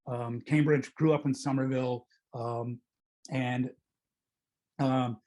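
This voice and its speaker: A man's voice: medium pitch, fairly even intonation, slow pace, a little mellow, low-quality recording. A middle-aged man, a film critic, talking casually and discursively about a film and often correcting himself. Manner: discursive, hesitant, self-correcting. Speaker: film critic leading a film club talk.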